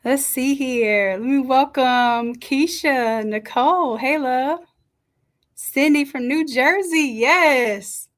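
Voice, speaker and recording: A woman hosting a live stream from a home setup, chatting and greeting each viewer warmly by name. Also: high voice, slow. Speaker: livestream host and design coach. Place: home setup with makeshift camera stand. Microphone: camera on a stand.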